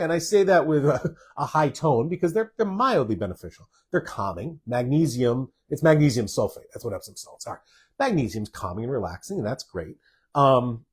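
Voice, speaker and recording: A man's voice: medium pitch, husky. A man, a doctor hosting a live stream, casually answers viewer questions and stresses points by repeating words.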